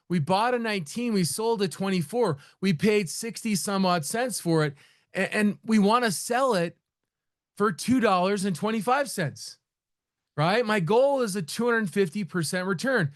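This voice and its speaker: A man's voice: high-pitched, animated, moderate pace, dry recording, studio quality. A middle-aged man rambling casually as he hosts a live trading room session, with frequent restarts and laughs. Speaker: trading educator.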